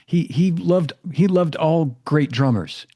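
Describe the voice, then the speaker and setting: Male host, mellow tone, easygoing filler-heavy chat. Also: fairly high pitch, takes it slowly. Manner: warm agreeing, filler-heavy, lots of "you know". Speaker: podcast host. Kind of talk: casual interview chat.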